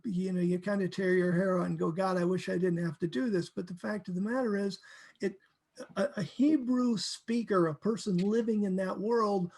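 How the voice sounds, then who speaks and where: A man teaching from the Bible in a casual, animated way, acting out verses and laughing often. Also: sits high, creaky.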